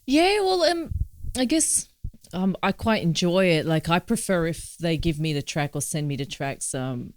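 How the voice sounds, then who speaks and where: A woman's voice: lowish voice, expressive, a little slow, dry recording, studio quality. A woman co-hosting a music podcast, chatting in an upbeat way with frequent fillers. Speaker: podcast co-host, violinist and flutist. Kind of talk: casual conversation about music.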